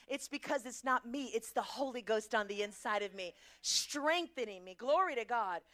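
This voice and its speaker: A woman's voice: on the high side, lively intonation, normal speed, few pauses, fairly bright tone. A middle-aged woman preaching a sermon, emphatic, asking the congregation questions and answering them herself.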